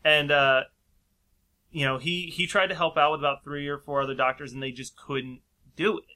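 Bright-voiced man telling a story. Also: a little high, steady tone, normal speed. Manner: rambling, laughs often, acts out quoted voices. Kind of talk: casual storytelling chat.

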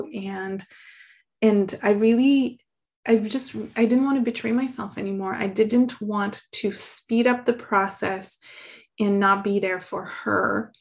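A middle-aged woman, an author being interviewed, speaking in an earnest, soft, reflective way and laughing often. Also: mid-range voice, fairly even intonation, measured pace. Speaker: guest, author.

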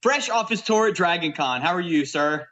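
A man's voice: a little high, expressive, normal speed, sharp tone, a little hiss or hum. A man co-hosting a podcast, wisecracking and ribbing the others. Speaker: podcast co-host. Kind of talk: casual podcast banter.

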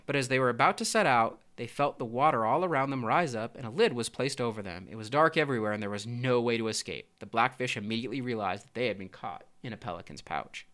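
A man reading a children's story aloud with expressive, steady narration. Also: mid-range voice, quick pace, few pauses.

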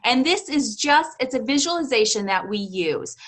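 A woman's voice: high voice, expressive, normal speed, a bit bright. A woman in her fifties, a homeschooling mother and grandmother, talking as a guest in a casual interview with an earnest, encouraging manner. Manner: earnest, encouraging, with frequent restarts and fillers.

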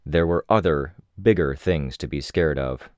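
A man reading a novel aloud in the first person, with measured, even storytelling. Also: very deep voice, no echo, highs cut off. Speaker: audiobook narrator.

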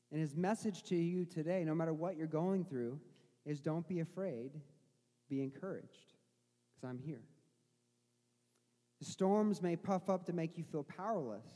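A man's voice: high-pitched, mellow, long reverb tail. A young adult male pastor preaching a sermon, telling a family story before building to fervent preaching. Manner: storytelling, then rising preacher's fervor.

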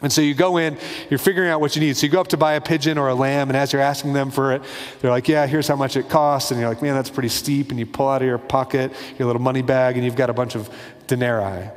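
A man's voice: mid-range voice, fairly even intonation, fast talker, big-room sound. A man preaching a sermon in a casual, conversational way, acting out little bits of dialogue. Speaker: pastor.

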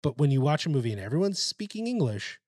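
A man co-hosting a casual film chat, opinionated and profane, talking in an animated way. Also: a little high, quick pace, dry recording, clean studio sound.

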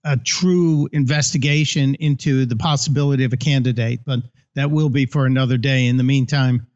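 A man co-hosting a political talk podcast, conversational and a bit halting. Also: mid-range voice, steady tone, a little mellow. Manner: conversational, hesitant restarts. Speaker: podcast co-host. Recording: dull lo-fi sound.

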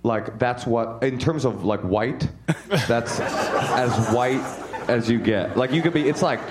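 A man doing stand-up crowd work on a comedy club stage, brash and laughing at his own jokes, throwing in lively voices for the people he quotes. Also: mid-range voice, takes it slowly, very noisy.

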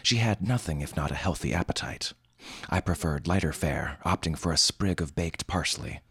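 A man's voice: sits low, normal speed, fairly bright tone, slightly rough, dry recording, studio quality. A man narrating a humorous fantasy story in a wry, formal storytelling manner. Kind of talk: scripted fiction narration.

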